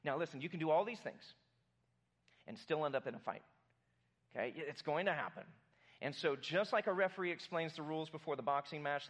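A pastor preaches to his congregation in a conversational way, joking with the room. His voice is on the high side with a fairly bright tone.

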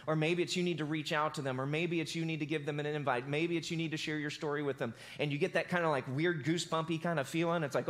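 A pastor preaching a sermon in a casual, conversational, animated storytelling manner. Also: male voice, fairly high pitch, fast.

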